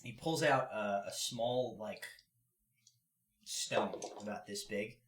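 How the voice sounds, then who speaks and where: Game master, man, low voice, rambling filler-heavy narration, echoey room. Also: slow pace.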